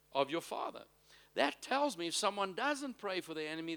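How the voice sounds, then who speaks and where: A man preaching a sermon as pastor, calling out to the congregation and drawing out key phrases slowly, swinging from loud to soft. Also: high-pitched, very animated. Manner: preaching with call-and-response to the congregation.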